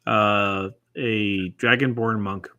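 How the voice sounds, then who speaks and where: Low-voiced male co-host with a bright tone; laid-back, halting chat, dry sound. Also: steady tone, dry recording, lo-fi sound. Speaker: podcast co-host. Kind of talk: casual podcast chat.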